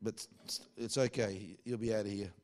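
A man's voice: on the low side, steady tone, moderate pace. A man preaching a sermon at a church meeting with an audience. He speaks in a chatty, self-mocking way, full of joking asides.

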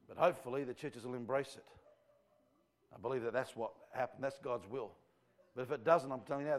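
A man preaching a revival sermon to a church congregation, fervent and rambling in a conversational way. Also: medium pitch. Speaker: visiting evangelist.

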